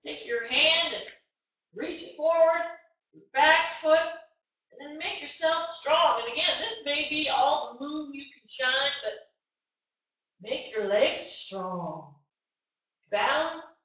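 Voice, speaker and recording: A woman's voice: high-pitched, takes it slowly, pauses often, a bit bright. A woman teaching an online yoga class for children, coaxing and encouraging them through each move. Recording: muffled echoey room.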